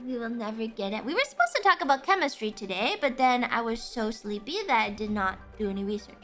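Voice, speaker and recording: Bright, lively woman streamer ranting. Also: a little high, quick pace, faint music behind. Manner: animated, profane ranting with frequent laughter. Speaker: livestream host. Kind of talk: casual live-stream chat.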